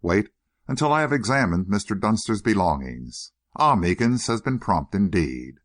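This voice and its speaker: A man voicing a suave, solicitous older gentleman schemer with a smooth, faintly ironic manner. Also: on the low side, sing-song, moderate pace. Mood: silky.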